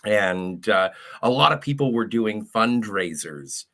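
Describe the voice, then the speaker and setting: Sex: man. Role: stream co-host. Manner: rambling, restarts. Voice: bright, lively pitch. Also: takes it slowly. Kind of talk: casual crude banter on a live stream.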